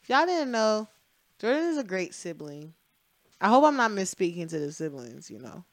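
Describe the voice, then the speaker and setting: A woman's voice: mid-range voice, big pitch swings, moderate pace, no echo. A woman co-hosting a casual podcast, chatting playfully and teasing her co-host.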